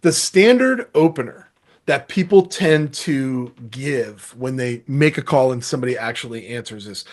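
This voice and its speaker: A middle-aged man giving a sales masterclass, energetic and acting out sample phone calls as he teaches. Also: mid-range voice, moderate pace. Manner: energetic, acts out calls and quotes. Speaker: sales trainer. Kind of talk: masterclass talk.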